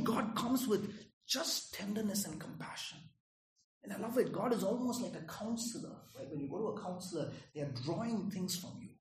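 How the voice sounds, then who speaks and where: A man preaching a sermon in a conversational way, often checking in with "Right?" and "Okay?". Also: high voice. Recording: echoey room.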